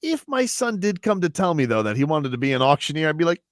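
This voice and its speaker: A man's voice: a little high, quick pace, a little hiss or hum. A man hosting a sports talk radio show, telling stories and joking in casual banter. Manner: joking, animated storytelling. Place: radio studio.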